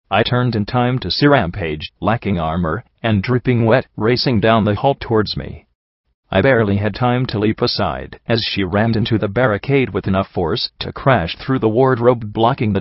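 A man giving steady, measured first-person audiobook narration. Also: fairly low pitch, no room sound, dull audio.

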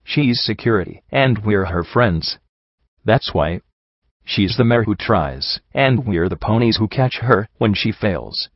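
Guy reading a gentle steady pony stallion, low voice, dry dull recording. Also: normal speed, few pauses, no echo, close to an everyday voice. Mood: solemn. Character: calm, sympathetic young male pony.

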